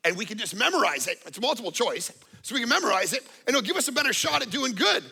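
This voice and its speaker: A man's voice: very high-pitched, very animated, fast talker, creaky, pushed and bright, slightly rough, exaggerated voice, rough recording. A man voicing a sly young male college classmate who breezily waves away worries. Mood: scheming. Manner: breezy, reassuring, talks down worries.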